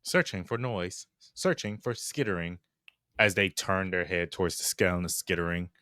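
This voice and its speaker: A man playing a tabletop game, quietly describing his character's actions. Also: deep voice, normal speed, dry recording, clean studio sound. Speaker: player.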